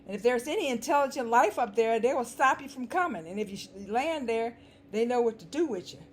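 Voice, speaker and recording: A woman's voice: a little high, lively intonation, a little fast. A woman with a dry, scratchy voice giving an emphatic, sarcastic commentary monologue, repeating words for stress. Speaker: vlogger.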